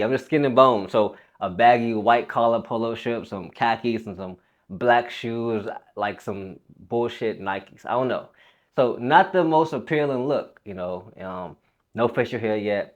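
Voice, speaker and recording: A man's voice: medium pitch, dull audio. A young man and fitness coach telling a personal story in a loose, rambling, casual way, swearing freely.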